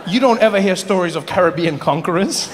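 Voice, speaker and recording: A man from Africa performing an animated stand-up comedy routine, acting out voices as he tells stories. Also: sits high, brisk, background noise. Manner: animated storytelling with acted-out voices. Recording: live hall with audience. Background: audience laughter.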